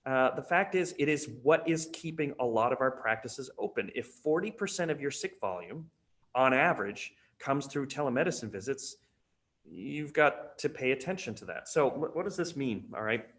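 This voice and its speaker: Male webinar presenter, average pitch, casual and chatty with lots of fillers. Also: animated, normal speed, a bit bright. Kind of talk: conference webinar talk.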